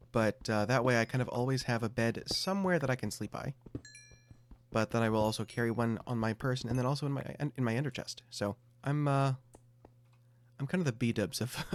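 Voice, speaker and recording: A young adult man giving casual gameplay commentary, thinking aloud with self-mocking asides. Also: mid-range voice. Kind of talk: casual let's-play commentary.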